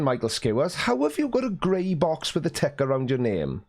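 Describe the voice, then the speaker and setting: A Welsh man hosting a casual live stream from his desk at home, reading viewer comments in a chatty, teasing way and often clearing his throat. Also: a little high, wildly swooping pitch, measured pace, darkish tone.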